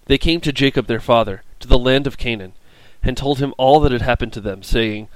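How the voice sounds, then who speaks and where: A man giving a scripted scripture reading in an even, measured manner. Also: medium pitch, no room sound, low-quality recording. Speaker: scripture reader.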